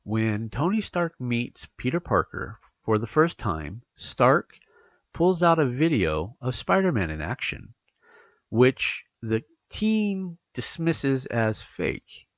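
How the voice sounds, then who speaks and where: A man hosting a casual solo podcast, rambling and animated, sounding congested from allergies. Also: medium pitch, slow, dry recording, muffled recording. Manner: rambling, animated, self-correcting. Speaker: podcast host.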